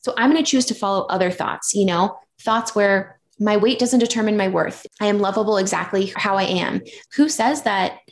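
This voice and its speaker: A woman's voice: medium pitch, moderate pace, hardly any pauses. Candid storytelling woman. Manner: candid, animated storytelling with many fillers. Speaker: podcast guest. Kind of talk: casual podcast chat.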